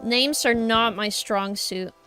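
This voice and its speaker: A woman's voice: a little high, slow pace, bright, forceful tone, smooth, faint music behind. A young woman with a Norwegian accent, chatting casually with her stream chat while drawing, rambling and addressing viewers directly.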